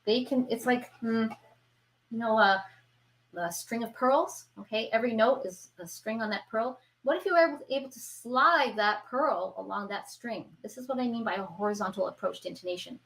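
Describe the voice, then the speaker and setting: A woman's voice: fairly high pitch, moderate pace, fairly bright tone, low-quality recording. A woman teaching an online violin lesson, who explains patiently and keeps checking in with her viewers. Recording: violin playing between phrases.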